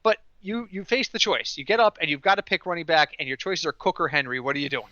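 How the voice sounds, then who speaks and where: A man hosting a casual podcast, telling stories in an animated way and mimicking others in quoted voices. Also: a little high, fast, no room sound, highs cut off. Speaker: podcast host.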